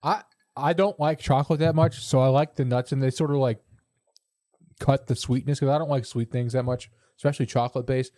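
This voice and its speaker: Young man ranting in a mellow voice. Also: medium pitch, steady tone, fairly quick, dry recording, clean studio sound. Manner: ranting, blunt opinions. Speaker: podcast co-host. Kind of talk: casual chat.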